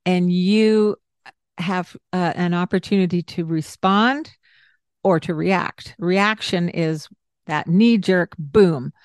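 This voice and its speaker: Low-voiced woman explaining calmly. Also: slow pace, smooth, dry recording. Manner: explains warmly with examples and asides. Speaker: parenting podcast host. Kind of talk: conversational teaching.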